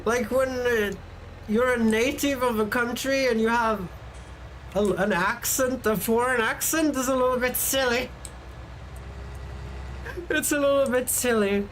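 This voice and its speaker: A woman's voice: a little high, measured pace, long pauses, a little hiss or hum. A woman from Sweden chatting casually and joking with her viewers while she plays a game. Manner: joking, rambling, teasing chat. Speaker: game streamer.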